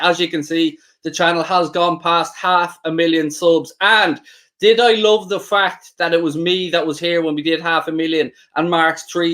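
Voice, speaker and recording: Reading viewer comments aloud, this man co-hosts a live football watchalong stream with plenty of chatty banter. His voice sits on the high side and sounds a bit bright.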